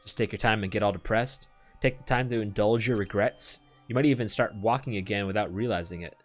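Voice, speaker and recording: A man voicing a computer program imitating a gruff, taunting male biker student. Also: lowish voice, brisk, faint music behind, lightly acted.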